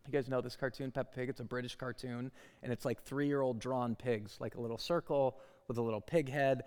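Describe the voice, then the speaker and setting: A male guest preacher, likely in his thirties or forties, giving a dramatic sermon in a church that swings from hushed lines to loud ones. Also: mid-range voice, steady tone, brisk, clean tone. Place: church sanctuary. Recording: long hall reverb.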